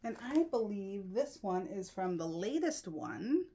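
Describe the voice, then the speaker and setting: A woman comedian and event host chatting casually in a vlog, animated, with lots of fillers and laughter. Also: mid-range voice, a little slow, slight background noise. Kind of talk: casual vlog chat about mementos.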